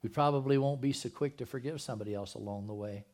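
A man's voice: mid-range voice, fast, darkish tone. Chatty pastor man preaching. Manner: chatty, asks the congregation questions, jokey asides. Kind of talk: conversational sermon. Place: church service.

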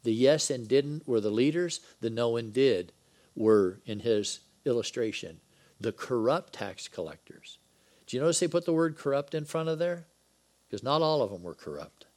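A man delivering a Bible-study sermon, his voice sitting at an ordinary middle pitch. He explains scripture conversationally and breaks it up with joking asides. When he reads the dialogue aloud, he gives it lively emphasis. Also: moderate pace. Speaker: preacher.

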